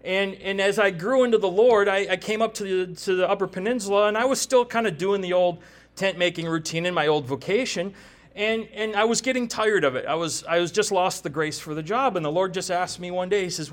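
A man's voice: sits high, a little fast, a bit bright. A man in his forties preaching a sermon with personal testimony, talking conversationally and animatedly and often checking in with "right?". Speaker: preacher and tattoo artist.

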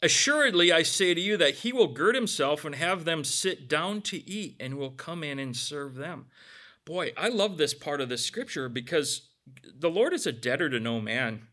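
A man's voice: on the high side, expressive, normal speed, pushed and bright. A middle-aged man preaching a sermon as pastor, conversational, with casual asides between scripture readings.

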